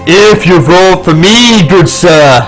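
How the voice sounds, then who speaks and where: A man's voice: high voice, animated, slow, fairly bright tone, faint music behind, exaggerated voice, rough recording. A man as a polite scholarly rat. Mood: courteous. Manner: polite, formal. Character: courteous male rat scholar.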